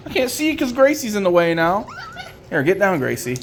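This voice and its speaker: A woman filming her puppies, chatting fondly and teasing them, and jumping into high baby talk whenever she calls one over. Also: sing-song, a little fast, background noise. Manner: fond, chatty, teasing the pups. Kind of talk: casual running commentary while filming.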